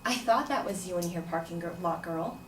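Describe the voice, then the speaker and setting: A woman's voice: on the low side, fairly quick, echoey room, far from the mic, slight background noise, voice pushed down, natural voice. A woman quoting a pushy, overfamiliar young man. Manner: overfamiliar, dismissive. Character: pushy young man who won't take a hint.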